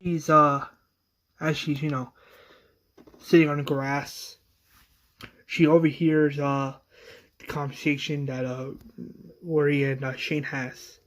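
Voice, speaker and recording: A man casually recapping a story in a halting way, often repeating words. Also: on the high side, little pitch movement, fairly bright tone. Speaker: episode recapper.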